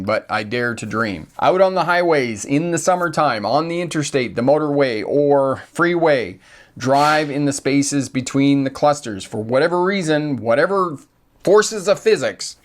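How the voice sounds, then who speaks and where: Older guy driving instructor, punchy and repetitive, folksy asides, mid pitch. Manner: emphatic, repeats key phrases, folksy asides. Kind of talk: instructional talk to camera.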